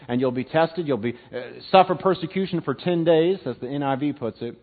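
A man teaching an evening Bible lesson to a live class, emphatic, swinging from loud stresses to quiet drops and repeating words. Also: a little high, brisk. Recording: tinny phone-like sound.

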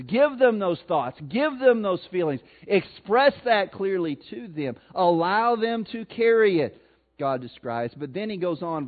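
A man with a Missouri accent preaching a sermon, swinging between loud emphasis and soft, slow passages. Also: fairly high pitch. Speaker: pastor. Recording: tinny phone-like sound.

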